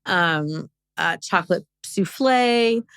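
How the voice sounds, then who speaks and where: A woman chatting as a podcast guest, relaxed and playful with frequent small restarts. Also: fairly low pitch, slow pace, clear, resonant tone, no room sound, studio quality. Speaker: podcast guest, chef and adult performer. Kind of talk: casual podcast chat.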